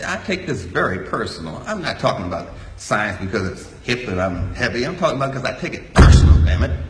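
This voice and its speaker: A man's voice: lowish voice, a bit bright, slight background noise. An older man giving a folksy, joking talk to a live audience. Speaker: speaker. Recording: echoey hall.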